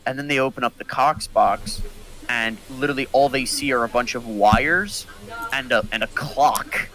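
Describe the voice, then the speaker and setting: A young man, a podcast co-host, telling a story in casual chat and acting out the quotes with big jumps in pitch. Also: normal speed, pushed and bright, rough recording.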